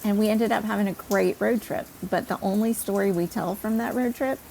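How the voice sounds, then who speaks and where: A woman podcast host telling a personal story in an animated, self-deprecating way. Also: medium pitch, fairly quick, vocal fry, a little hiss or hum, poor audio.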